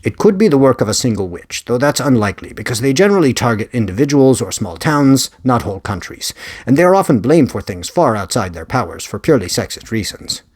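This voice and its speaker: An earnest, lecturing investigator with the faintest trace of a Spanish accent, read aloud by a man. He talks in a lively, swooping way, piling theory on theory with calm conviction, at a middling pitch. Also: brisk, no echo, studio quality. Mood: musing. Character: eccentric male knight-investigator, earnest, theorizing. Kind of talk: audiobook character reading.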